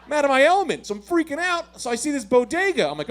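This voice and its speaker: A man in his thirties doing stand-up storytelling, acting out voices with big swings. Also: fast talker. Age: 30s. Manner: animated, acts out voices with big pitch swings. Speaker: stand-up comedian.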